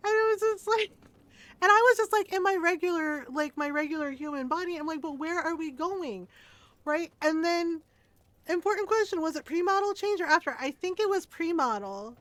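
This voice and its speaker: A woman with a high, bright-pitched voice talks casually to her stream viewers. She tells a story in an animated way, with frequent laughter and the odd curse word. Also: brisk, dry recording. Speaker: game streamer.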